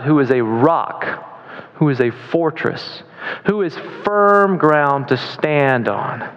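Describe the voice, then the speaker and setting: A pastor delivers his sermon in a relaxed, conversational way, slowing down to land single words with weight. His voice sits a little high for a man. It rings through a reverberant church hall on a slightly muffled recording. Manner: conversational preaching with emphatic pauses. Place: church sanctuary.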